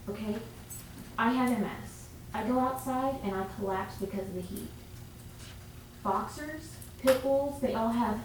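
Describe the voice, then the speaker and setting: A woman giving an emotional public comment at a city council meeting. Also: a little high. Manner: emotional, heartfelt. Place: council chamber. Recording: echoey chamber, far from mic, faint noise.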